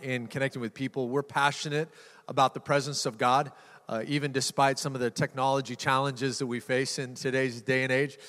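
A male pastor with a medium-pitched, fairly bright voice preaches a sermon to a live audience in a church hall. His delivery is conversational and jokey, and he often repeats words. The recording carries the reverb of the church hall.

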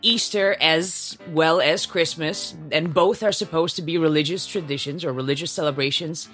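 A woman's voice: low-pitched, fairly even intonation, normal speed, a bit bright, soft background music. A woman co-hosting a news podcast with a wry, teasing delivery. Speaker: podcast co-host.

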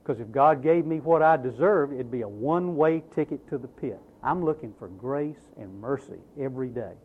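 A man's voice: mid-range voice, animated, moderate pace, a little hiss or hum. A man preaching a sermon with emphatic delivery and rhetorical questions to the congregation. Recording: tinny, phone-like narrow sound.

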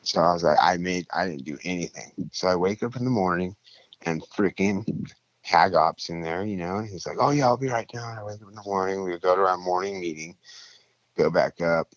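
A young man tells a story in casual, profane language, acting out the people in it with louder, higher voices. He speaks fairly quickly, and the audio is dull with no echo.

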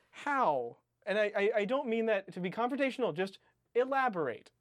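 A man's voice: high voice, very animated, normal speed, fairly bright tone, dry recording, clean studio sound. A man co-hosting a podcast, bickering casually with his friend, often laughing and teasing in exasperation. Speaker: podcast co-host.

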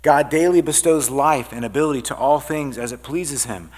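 A man's voice: medium pitch, moderate pace. A middle-aged man preaching a sermon as a pastor, earnest and building up as he reads out scripture. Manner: earnest preaching, lively rises on quoted scripture.

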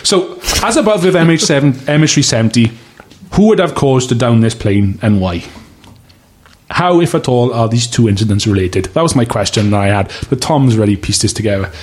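A man's voice: mid-range voice, animated, brisk, darkish tone. A man from the United Kingdom hosting a casual podcast chat, rambling, swearing freely and losing his place. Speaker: podcast host.

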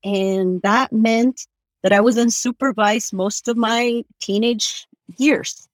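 A woman's voice: fairly high pitch, steady tone, no echo. Woman telling her story, dry. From Argentina. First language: Spanish. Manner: earnest, halting, many "like" fillers. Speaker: guest. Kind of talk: personal storytelling in conversation.

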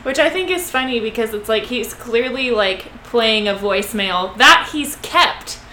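A woman's voice: fairly high pitch, expressive, a little slow, pushed and bright, a little hiss or hum. A woman co-hosting a podcast who chats casually with many "like" fillers. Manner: laid-back, with many "like" fillers. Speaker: podcast co-host. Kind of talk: casual chat. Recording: echoey room with faint ambience.

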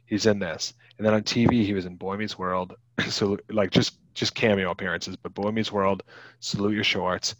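A man's voice: on the low side, fairly even intonation, moderate pace, a bit bright, no echo. A man in his thirties co-hosting a casual movie podcast, rambling with lots of fillers and restarts. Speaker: podcast co-host. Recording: dull lo-fi podcast mic.

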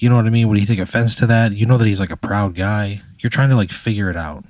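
Guy rambling through a made-up story, lots of "like" and cussing, lowish voice, dry mic. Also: fairly even intonation, fast, darkish tone, no echo. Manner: casual, swears often, filler "like" and "you know". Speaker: podcast storyteller. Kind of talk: improvised hypothetical storytelling.

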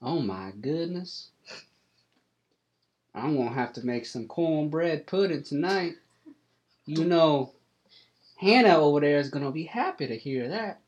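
A man doing a brisk farm wife. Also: fairly high pitch, expressive, muffled recording. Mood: gleeful. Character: rural farmer's wife, brisk and blunt.

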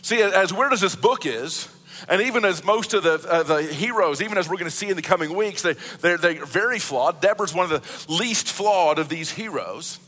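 A high-pitched man preaching a sermon with a bright, forceful tone. He is earnest and keeps restarting his sentences and repeating words. His voice rings out with a long hall reverb behind it. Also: expressive, moderate pace. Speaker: pastor.

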